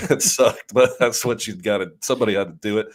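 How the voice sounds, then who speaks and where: A man co-hosting a fantasy baseball podcast, jokey and animated, often repeating words as he starts a thought. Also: lowish voice, fairly quick. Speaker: podcast co-host. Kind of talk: casual chat.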